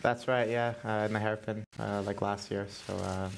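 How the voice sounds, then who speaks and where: Male driver from Canada, monotone and gravelly, halting filler-heavy answers. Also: on the low side, a little hiss or hum. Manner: hesitant, many fillers. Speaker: racing driver. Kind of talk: press conference answers.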